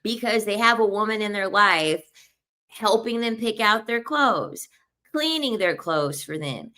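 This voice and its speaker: A woman in her thirties, an online commentator, delivers blunt, emphatic opinions in casual commentary and often repeats her points. Her voice is a little high with a sharp tone.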